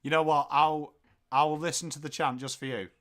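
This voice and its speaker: Excitable English man calling football. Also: on the high side, normal speed. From England. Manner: excitable, jokey, bursts into loud calls of the play. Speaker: watchalong host. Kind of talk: live football commentary and chat with viewers.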